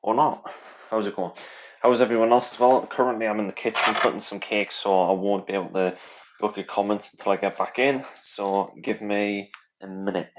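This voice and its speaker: A man livestreams casually from his home kitchen, rambling, chatty, and swearing freely, in a lowish voice with fairly even intonation at a slightly quick pace. The stream audio is dull and lo-fi with faint hiss.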